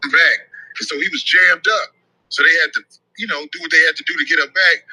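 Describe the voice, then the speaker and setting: Profane high-voiced man ranting. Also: fast, husky, dry recording, rough recording. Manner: profane, blunt, animated. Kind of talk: heated podcast rant.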